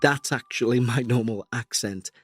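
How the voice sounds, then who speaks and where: A man's voice: medium pitch, moderate pace, husky. Scouse man hosting a paranormal podcast. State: recovering from a sore throat. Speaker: podcast host. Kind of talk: reading a listener's story, then commenting.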